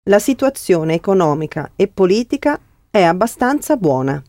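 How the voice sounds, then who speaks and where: A woman giving crisp, confident model answers in a language lesson. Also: fairly low pitch, sing-song, a little fast, dark tone, dry recording.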